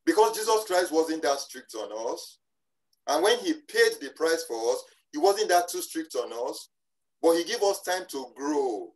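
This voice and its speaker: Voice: mid-range voice, rough recording. Emphatic preacher delivering a sermon. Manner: emphatic, slowing down on key phrases; repeats and restarts phrases. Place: church service.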